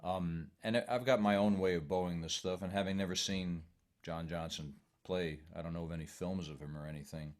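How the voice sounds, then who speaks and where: A man teaching a fiddle workshop online, calmly walking students through bowing patterns step by step. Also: deep voice, brisk. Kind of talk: online music workshop instruction. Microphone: home computer mic on a video call. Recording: loud fiddle music throughout.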